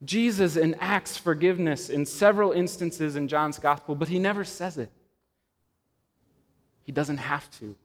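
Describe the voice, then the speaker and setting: A man preaching a sermon to a church congregation, slow and measured, with dramatic pauses and swelling emphasis. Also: fairly high pitch. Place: church sanctuary. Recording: long reverb of a church hall.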